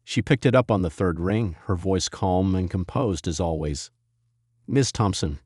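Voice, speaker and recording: A man narrating a scripted dramatic story in a steady storytelling manner. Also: low voice, moderate pace, husky, dry recording, studio quality.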